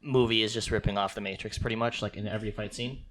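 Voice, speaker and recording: A man's voice: lowish voice, fairly even intonation, fast, a bit bright. A young man co-hosting a podcast, talking in a laid-back way full of "like" and "um". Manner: laid-back, lots of likes and ums. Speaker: podcast co-host. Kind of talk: casual podcast chat.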